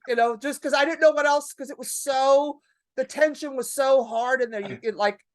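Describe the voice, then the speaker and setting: A woman's voice: sits high, normal speed. A woman in her fifties, a comedian guest on a podcast, telling stories in a brash, profane, casual way.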